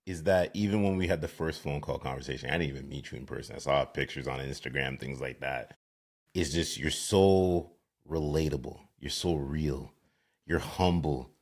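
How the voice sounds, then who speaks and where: A man's voice: a bass voice, a little mellow. A male podcast host asking chatty questions and heaping praise on his guest over a video call. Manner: effusive, admiring, chatty questions. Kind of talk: casual interview.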